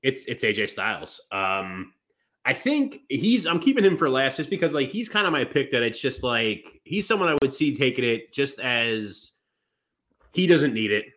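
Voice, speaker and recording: Animated man rambling about wrestling. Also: mid-range voice, normal speed. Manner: rambling, lots of fillers and restarts. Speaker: podcast co-host. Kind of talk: casual wrestling podcast chat.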